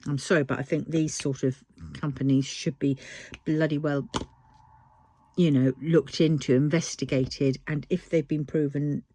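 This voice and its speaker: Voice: a little slow, slightly rough. A vlogger with a British accent, talking casually while diamond painting and ranting heatedly with frequent swearing. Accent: British English. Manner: lively rising and falling pitch when worked up. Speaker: crafting vlogger.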